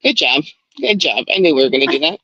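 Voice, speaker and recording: A woman hosting a casual book club podcast, talking in an animated way and swearing freely, heard over a dull, lo-fi call. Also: low voice, fast talker, husky, no room sound. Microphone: video call.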